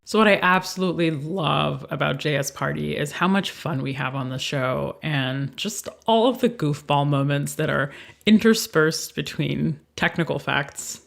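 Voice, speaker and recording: A woman's voice: low voice, creaky, fairly bright tone. A woman panelist chatting casually on a tech podcast.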